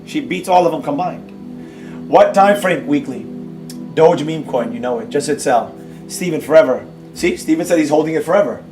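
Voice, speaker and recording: A man's voice: on the high side, moderate pace, a little mellow, soft background music. A man hosting a live trading stream, scolding his audience with emphatic repeats and rhetorical questions while reading and answering chat. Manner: reads and answers viewer chat. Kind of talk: ranting live-stream lecture.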